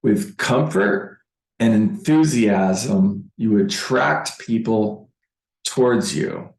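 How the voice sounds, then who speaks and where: A man giving a motivational sales training talk as a real estate coach, deliberate and emphatic, repeating key phrases. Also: on the low side, gravelly, roomy sound, poor audio.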